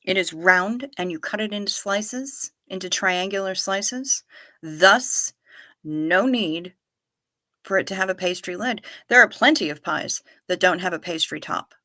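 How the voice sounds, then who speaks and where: A woman's voice: medium pitch, unhurried, bright, forceful tone, no room sound, studio quality. A woman hosting a live stream in a casual, chatty way, reading out viewer comments with wry asides and repeating herself for effect. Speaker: livestream host.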